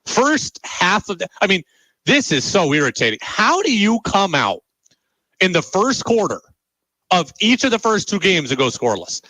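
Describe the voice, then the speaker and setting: A man's voice: sits high, very animated, normal speed, bright, forceful tone, no echo, low-quality recording. A man hosting sports talk radio, exasperated and emphatic, hammering his points home with repeated rhetorical questions.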